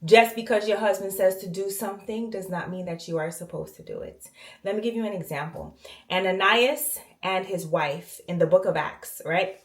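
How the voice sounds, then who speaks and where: A woman telling a personal story casually to camera while cleaning her bathroom, animated and slangy, acting out the voices of the people in it. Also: medium pitch, moderate pace. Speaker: vlogger. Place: home bathroom. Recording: echoey bathroom.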